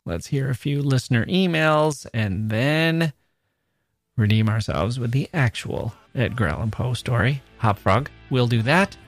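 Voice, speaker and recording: A man's voice: medium pitch, measured pace, soft background music. A man hosting a literature podcast, talking casually in a wry, mockingly disappointed way. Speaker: podcast host.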